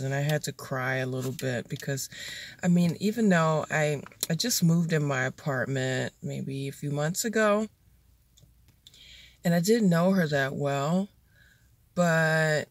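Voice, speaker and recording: Chatty American woman with a gravelly voice. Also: low voice, dry recording. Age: middle-aged. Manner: chatty, many ums and restarts, acts out both sides of phone calls. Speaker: vlogger. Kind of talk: casual vlog storytelling.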